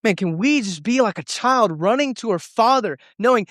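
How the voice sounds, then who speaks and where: Young male youth pastor, earnest and emotional sermon, fairly high voice, dry sound. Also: lively intonation, normal speed, fairly bright tone, no room sound. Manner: earnest, emotional storytelling with many restarts.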